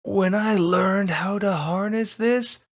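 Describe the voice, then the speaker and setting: A man voicing an unhinged male fantasy villain with a glowing gem, speaking slowly and menacingly and breaking into screams. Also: sits high, pitched above the performer's own voice, full character voice. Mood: exultant. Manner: slow, menacing, bursts into screaming.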